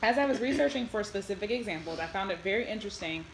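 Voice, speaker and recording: A woman's voice: mid-range voice, expressive, fast talker, reverberant, slight background noise, rough recording. A woman reading a prepared class presentation in a plain, informative way. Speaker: student presenter.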